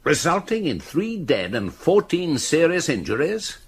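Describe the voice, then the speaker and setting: An actor playing a hot-tempered older chief constable with a gravelly, husky, bullying voice in a radio drama. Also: male voice, fairly high pitch, wildly swooping pitch, unhurried, heavily acted. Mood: irate. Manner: blustering, bullying, swings to shouting.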